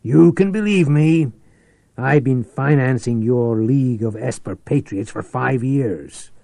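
A man's voice: medium pitch, unhurried, creaky, no room sound. A man doing Reich, a ruthless scheming tycoon. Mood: persuasive. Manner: forceful, persuasive, calculating. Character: ruthless scheming rich male businessman.

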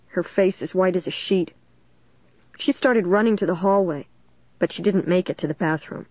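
A woman's voice: medium pitch, no room sound. A woman narrating a storybook in a tense, dramatic reading. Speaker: audiobook reader. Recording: dull dry recording.

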